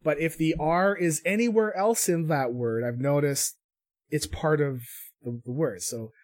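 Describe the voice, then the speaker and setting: A man's voice: fairly high pitch, measured pace, no echo, studio quality. Playful man hosting a casual chat. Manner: jokey, playful. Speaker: co-host reading rankings.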